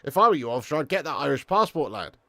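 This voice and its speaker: A man from the area hosts a live football watch-along and chats straight to his viewers. His voice sits a touch high for a man. He is sweary and full of banter, recorded close and dry. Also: sing-song, very fast, pushed and bright, dry recording. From Birmingham area, England. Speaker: live stream host.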